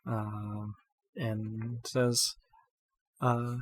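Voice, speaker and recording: A man running a tabletop game as game master, describing scenes in a measured storytelling way. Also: medium pitch, a bit bright.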